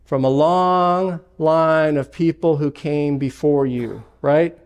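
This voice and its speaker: A man's voice: on the high side, slow pace, clear, resonant tone. A man preaching a sermon as pastor, emphatic, with repeated phrases and personal stories. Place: church sanctuary.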